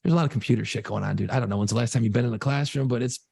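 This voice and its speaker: A man's voice: medium pitch, racing, vocal fry, mellow, husky, no room sound, studio quality. A middle-aged man co-hosting a casual podcast, telling loose, profane stories. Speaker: podcast co-host.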